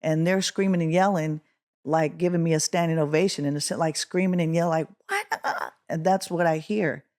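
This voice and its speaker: A middle-aged woman from Oakland, California, a guest musician telling a story in an interview, acting out the quotes with a rising voice. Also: a little fast. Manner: animated, acts out quotes with rising pitch.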